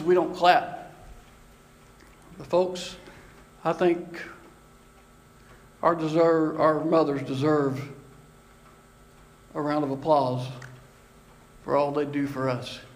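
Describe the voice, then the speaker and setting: A man's voice: a little high, fairly even intonation, takes it slowly, long pauses, roomy sound. A man preaching an earnest sermon from a church pulpit, closing in prayer.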